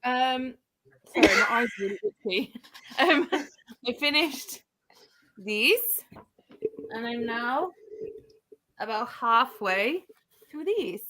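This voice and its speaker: A woman with a high, bright voice chats as a guest on a casual video call. She makes dry, teasing remarks at an easy conversational pace. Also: lively intonation, slow pace, pauses often, rough recording. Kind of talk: casual group video chat.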